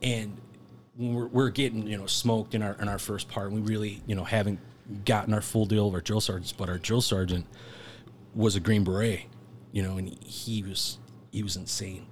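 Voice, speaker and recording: A man's voice: lowish voice, steady tone, normal speed, slight background noise. A man telling a long casual story as a podcast guest, rambling through filler words and laughing now and then. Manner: laughs while telling stories.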